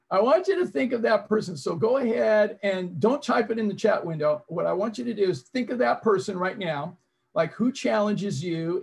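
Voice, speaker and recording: A man's voice: high-pitched, creaky, darkish tone. A man presenting an interactive online seminar over a video call, coaching his audience and repeating his prompts.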